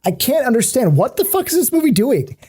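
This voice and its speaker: Animated, profane podcast co-host man. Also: very high-pitched, brisk. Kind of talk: casual chat.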